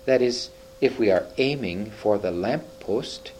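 A man's voice: fairly low pitch, a little slow, darkish tone, a little hiss or hum, close to an everyday voice. A man reading aloud, voicing a spiteful, sly younger boy in a sullen, muttering tone. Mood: sulky.

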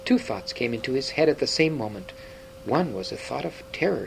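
A man reads a storybook aloud, expressive and now and then stumbling over his words. His voice sits at a middle pitch. A faint hum lies under the recording. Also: a little fast, vocal fry, rough recording. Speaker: narrator. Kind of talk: storybook reading.

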